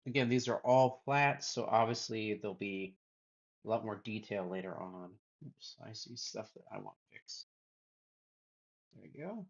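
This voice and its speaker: A man's voice: lowish voice, a little slow, lo-fi sound. A man streaming himself drawing, muttering to himself as he works and chatting with viewers. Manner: mutters to himself while working, then greets chat. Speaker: illustration livestreamer. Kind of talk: casual chat while drawing on stream.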